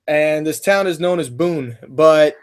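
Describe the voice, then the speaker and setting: A young man hosting a casual podcast, rambling and filling pauses as he reads questions and tells stories. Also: on the high side, clear, resonant tone. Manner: rambling, many fillers and restarts. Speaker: podcast host.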